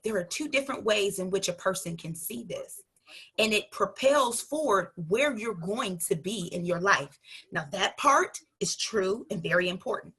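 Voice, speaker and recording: Bright, husky woman coaching with fervor. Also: medium pitch. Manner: emphatic, preacher-like, rhetorical questions to listeners. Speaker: life coach. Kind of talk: motivational talk.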